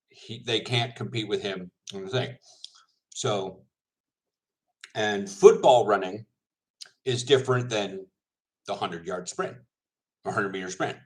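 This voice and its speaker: A man's voice: lowish voice, fairly bright tone, poor audio. Rambling laughing man chatting casually. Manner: rambling, laughs often, self-correcting. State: mouth full. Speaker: semi-pro football linebacker vlogger. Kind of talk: casual chat to viewers.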